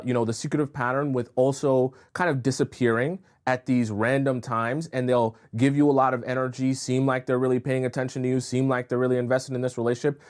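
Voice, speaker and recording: Chatty man giving frank dating advice. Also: medium pitch. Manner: chatty, reads and answers viewer comments aloud; frank, repeats phrases and fills with "uh" and "right?". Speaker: dating coach. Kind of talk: casual live-stream advice talk.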